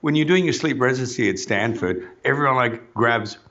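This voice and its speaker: A man chats eagerly in an interview, circling back and restarting his thoughts. His voice sits at an ordinary pitch. The recording sounds a little dull and lo-fi. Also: lively intonation, brisk, a bit bright. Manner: enthusiastic, rambling, many restarts and "you know". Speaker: orthodontist guest. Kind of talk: casual interview chat.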